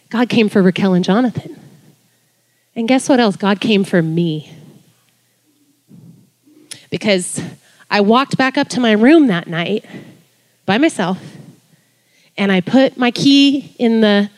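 A woman in her forties, a worship leader, telling a lively story in a sermon, her voice jumping high when excited. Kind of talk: sermon testimony.

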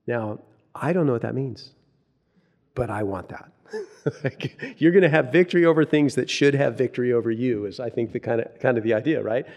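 A male pastor preaching in a loose, chatty way, circling back on his words as he builds a story toward his point. His voice sits at a middle pitch for a man, neither deep nor high. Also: normal speed. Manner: conversational and animated, many restarts and filler words. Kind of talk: sermon with personal story.

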